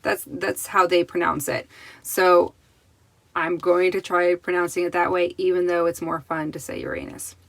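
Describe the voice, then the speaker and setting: A woman gives a tarot card reading straight to the camera in a relaxed, chatty way. Her voice sits a little low, and she reassures the viewer as she lays out each card. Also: moderate pace, dry recording, low-quality recording. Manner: chatty and reassuring, with restarts and laughs.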